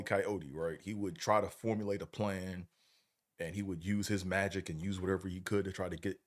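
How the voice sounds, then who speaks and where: Laid-back deep-voiced man, rambling. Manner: laid-back, rambling, slangy, checks in with the listener often. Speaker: livestream host. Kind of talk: casual livestream chat.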